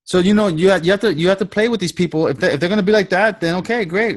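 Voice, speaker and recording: A man's voice: high voice, quick pace, hardly any pauses. A middle-aged man hosting a sales coaching call, talking energetically and acting out both sides of sales conversations. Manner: energetic, repeats himself, acts out both sides of calls. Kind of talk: casual coaching talk with role-played sales dialogue.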